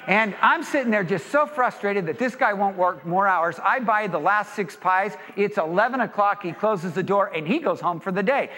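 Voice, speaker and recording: A man from California speaking to an audience, an animated and jokey storyteller, in an echoey hall. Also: high voice, normal speed, few pauses, slight background noise. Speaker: speaker leading a seminar or sermon. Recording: echoey hall with long reverb.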